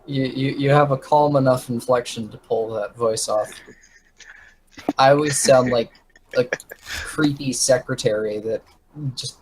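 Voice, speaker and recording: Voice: mid-range voice, steady tone, measured pace, pauses often, poor audio. A theatrical player with a mid-range voice who jokes and hams up the session recap. A faint hiss runs under the voice-chat line. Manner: theatrical, joking. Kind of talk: casual chat in a tabletop game session.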